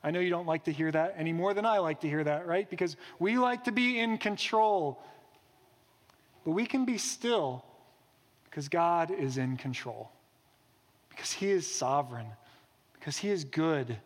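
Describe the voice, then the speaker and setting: A man's voice: on the high side, a little slow, long pauses, in a large hall. A man preaching a sermon in an earnest, reflective way, posing rhetorical questions. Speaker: pastor.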